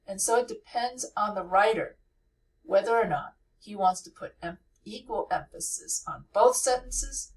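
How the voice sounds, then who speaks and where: A woman's voice: medium pitch, animated, a little slow, distant mic, poor audio. Patient woman teaching grammar, a little off-mic. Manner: patient, repeats key points, frequent uh fillers. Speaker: writing teacher. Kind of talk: explanatory lesson.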